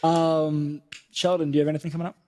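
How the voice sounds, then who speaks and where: A man hosting a casual gaming podcast, sounding upbeat and easygoing. His voice sits a little higher than most men's. He talks in a chatty, self-deprecating way. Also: little pitch movement, quick pace, warm tone. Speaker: podcast host.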